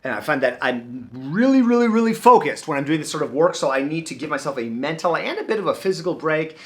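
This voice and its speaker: A middle-aged man teaching double bass in a relaxed, casual way, singing rhythms aloud and correcting himself as he plays. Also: fast. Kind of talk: casual music lesson demonstration. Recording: loud bass playing behind the voice.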